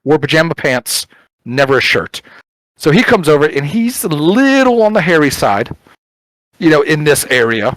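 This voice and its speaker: A middle-aged man co-hosting a chat show, telling an animated story, acting out quotes and swearing casually. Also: on the high side, moderate pace, dry recording, rough recording. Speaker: podcast co-host.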